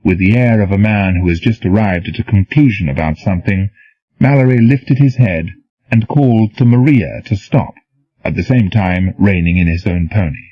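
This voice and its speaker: A man narrating an audiobook novel in a measured storytelling manner. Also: on the low side, no echo. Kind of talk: scripted narration. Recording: dull, dry, lo-fi.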